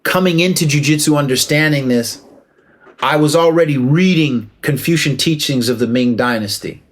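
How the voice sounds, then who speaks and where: A man giving a casual, emphatic opinion monologue, preaching and calling out to listeners with rhetorical questions and shout-outs. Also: a little high, normal speed. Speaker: martial arts commentator.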